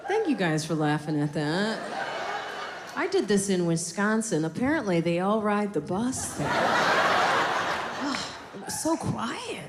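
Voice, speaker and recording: A woman doing a stand-up set in a comedy club, telling stories brashly and animatedly with big jumps in pitch. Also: sing-song, measured pace. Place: comedy club stage with laughing audience. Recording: loud crowd laughter and noise.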